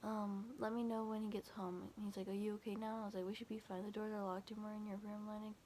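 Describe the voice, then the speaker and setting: A young woman vlogger's mid-range, dark voice holds a level tone as she speaks fast about a scary night. Her casual retelling rambles, filler-laden with frequent restarts and nonstop "I was like," "he's like" quoting of texts, against slight background noise.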